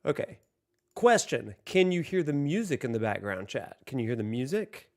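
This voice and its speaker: A man's voice: mid-range voice, very animated, normal speed, creaky. A man hosting a casual livestream from home, joking, laughing often and chatting directly to his viewers. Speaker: livestream host.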